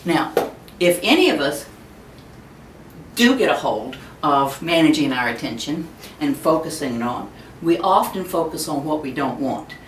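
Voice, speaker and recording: A woman in her fifties giving a webinar talk, telling stories in an animated way and acting out the voices she quotes. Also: unhurried. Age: 50s. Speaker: speaker on child discipline. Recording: echoey room, distant mic, faint rumble.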